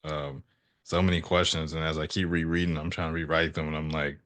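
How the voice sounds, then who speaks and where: A man in his thirties with a very deep voice, hosting a casual podcast conversation. He speaks reflectively and works his thoughts out slowly as he talks. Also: little pitch movement, a bit bright. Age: 30s. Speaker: podcast host.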